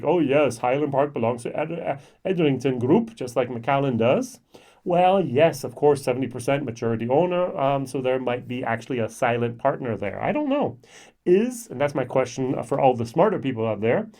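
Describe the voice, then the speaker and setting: A man's voice: medium pitch, darkish tone. Chatty man reviewing whisky. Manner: chatty, many fillers, thinks aloud and corrects himself. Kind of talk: casual tasting review to camera.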